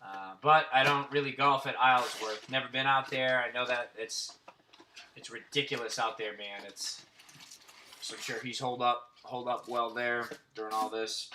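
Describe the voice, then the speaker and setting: A man's voice: medium pitch, fairly even intonation, normal speed, pushed and bright, slight background noise. A man around forty hosting a card break, casually naming baseball cards and telling rambling, profane stories. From Central Florida. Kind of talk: casual card-opening chat.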